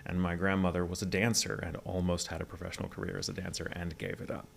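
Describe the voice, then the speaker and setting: A deep-voiced man in his forties with a gravelly edge speaks in a neutral, almost British mid-Atlantic accent. He tells stories in a reflective, well-spoken way during a casual interview. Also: flat delivery, fast talker. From Texas, USA. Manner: articulate, reflective storytelling. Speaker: interview guest, voice actor.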